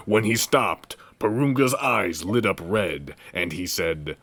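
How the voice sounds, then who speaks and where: A man with a fairly low voice narrates fan fiction aloud as the host of a comedy podcast. His reading is wry and deadpan, steady and dry. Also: no room sound.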